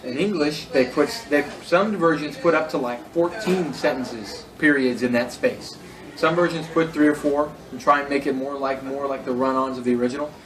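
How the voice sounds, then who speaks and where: A man's voice: medium pitch, normal speed, far from the mic, a crowd in the background, low-quality recording. A man teaching a Greek class in a casual lecture, correcting himself and spelling words out letter by letter.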